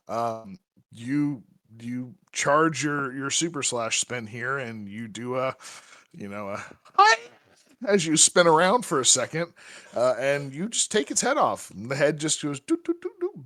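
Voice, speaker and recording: A man narrating a tabletop game as game master, talking in a halting way with many restarts and fillers. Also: mid-range voice, bright, forceful tone, no room sound.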